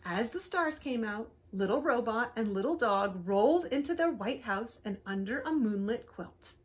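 A woman librarian reading picture books aloud to young children, animated and expressive, inviting them to join in. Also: fairly high pitch, normal speed, slightly rough. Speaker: librarian storyteller.

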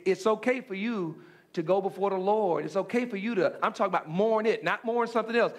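A man with a very high-pitched voice preaches a sermon. He hammers key phrases over and over and restarts words as he drives ahead. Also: a little fast. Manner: repetitive emphatic preaching with stammered restarts. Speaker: pastor.

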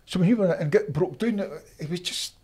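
An older man with a Scottish accent, telling animated stories from his football career as an interview guest. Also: high voice, brisk. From Scotland. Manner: animated anecdotes, acts out voices of others. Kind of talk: casual storytelling.

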